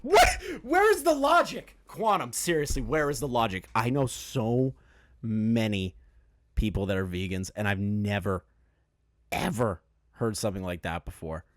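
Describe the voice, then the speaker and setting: A man's voice: fairly low pitch, moderate pace. A young man hosting a reaction commentary, profane and incredulous, often breaking into disbelieving laughter. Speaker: commentary channel host.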